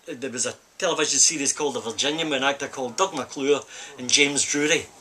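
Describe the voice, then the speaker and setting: A man's voice: medium pitch, fast talker, bright, forceful tone, slight background noise. An older man with a Scottish accent, a film stuntman recalling his past in a rambling, casual storytelling manner. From Scotland. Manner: rambling anecdotal storytelling with repeated "I says". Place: film set during a break.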